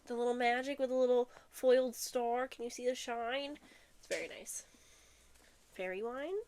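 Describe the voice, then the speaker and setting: A young woman vlogging a book unboxing in a casual, chatty way, excitable and giggly, a bit out of breath. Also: on the high side, moderate pace. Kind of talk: casual chat and reading blurbs aloud.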